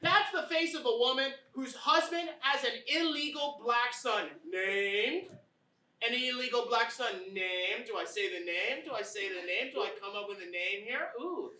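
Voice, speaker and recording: A woman's voice: on the high side, normal speed, sharp tone. A woman playing a brash, conspiratorial TV pundit who rants and hypes a scandal in a comedy sketch. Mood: ranting. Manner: bombastic, ranting, conspiratorial. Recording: roomy, distant mic.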